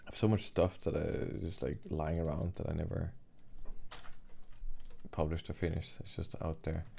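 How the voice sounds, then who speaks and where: A young man hosting an art livestream, rambling and joking in a relaxed chat while he laughs and swears. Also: low voice, moderate pace, creaky, a little hiss or hum. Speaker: livestream host and digital artist.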